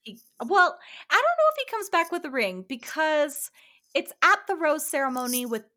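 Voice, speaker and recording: Young woman, podcast co-host, bubbly, laughs often, bright, slightly high voice. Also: big pitch swings, normal speed. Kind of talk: casual chat recapping a reality show.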